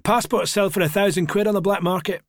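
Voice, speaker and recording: A man's voice: high-pitched, steady tone, fast, no echo, studio quality. A man putting on a cheery, crude Glaswegian builder. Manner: blunt, swearing, good-humoured.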